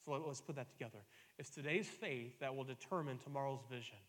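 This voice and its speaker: A male pastor delivering a sermon, repeating key lines and building to loud emphatic peaks. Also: medium pitch, fast, big-room sound.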